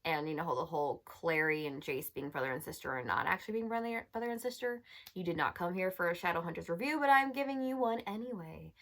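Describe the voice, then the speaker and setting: A woman's voice: lowish voice, fast talker, fairly bright tone. A young woman chatting casually as a book reviewer, exasperated and full of filler words. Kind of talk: casual chat.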